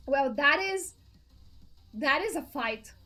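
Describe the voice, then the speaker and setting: A high-voiced woman streamer talks slowly with a lively, swooping melody. She giggles and gushes thanks to her viewers. Faint game music plays underneath. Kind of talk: live game stream chat.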